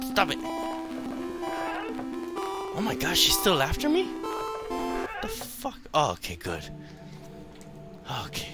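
A man hosting a gaming channel, giving horror game commentary full of swearing and panicky outbursts. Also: medium pitch. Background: game music.

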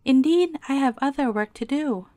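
A woman's voice: high voice, lively intonation, normal speed, mellow, dry recording. Brief: cross, dismissive nurse in a bedtime story, voiced by a woman reader, dry close sound. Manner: cool, dismissive.

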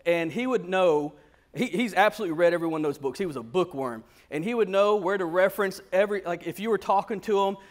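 High-voiced preacher telling a story. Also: male voice, fast talker. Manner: animated, conversational storytelling. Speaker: pastor. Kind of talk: storytelling sermon.

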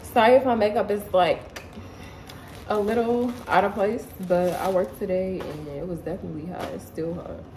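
A young woman chatting casually in her living room, excitable and slangy, as a vlogger showing clothes. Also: medium pitch, moderate pace, slight background noise, rough recording. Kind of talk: casual haul video chat.

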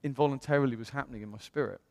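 A man from the United Kingdom preaching in a church, telling his story in a chatty, animated way with self-quotes. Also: medium pitch, racing, creaky. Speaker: pastor. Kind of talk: storytelling sermon. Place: church hall. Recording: long church-hall reverb.

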